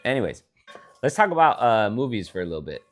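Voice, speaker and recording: A man's voice: lowish voice, fast talker, faint music behind. A young man co-hosting a podcast, chatting casually with his sister and teasing her while telling stories. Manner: teasing, animated storytelling, quotes people in put-on voices. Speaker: podcast co-host. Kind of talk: casual chat.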